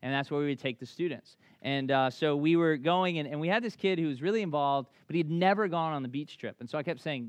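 A man's voice: a little high, dry recording. A man in his thirties from Memphis with a thick Southern accent, preaching a conversational, story-filled sermon. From Memphis, Tennessee. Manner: conversational, animated storytelling with quick restarts. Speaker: pastor.

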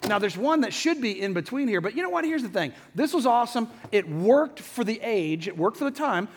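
A middle-aged man preaching a sermon to a hall audience, chatty and lively, often asking the crowd questions. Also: high voice, brisk, a little hiss or hum. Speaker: pastor. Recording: long hall reverb.

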